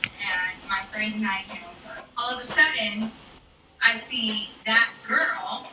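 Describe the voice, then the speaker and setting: A woman's voice: medium pitch, measured pace, music in the background. A young woman streaming from home, telling a story bluntly and profanely, sometimes dropping to a whisper. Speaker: live streamer. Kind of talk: storytime monologue. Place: home room. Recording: roomy distant mic with video audio behind. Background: a video playing in another room.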